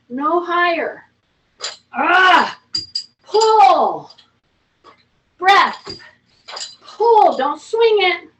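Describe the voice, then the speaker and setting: Slow-talking high-voiced woman fitness instructor. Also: recorded from a distance. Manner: chatty, coaching, calls out breath and reps. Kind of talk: seated strength workout class. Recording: roomy, from off-mic, faint noise.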